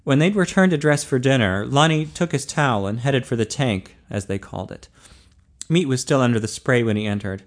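A man narrating an audiobook in a steady, measured way. His voice sits at an ordinary middle pitch, and he reads clearly and evenly.

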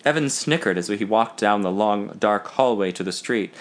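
Man reading a novel aloud, lively pitch. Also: normal speed. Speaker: audiobook narrator. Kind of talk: first-person audiobook reading.

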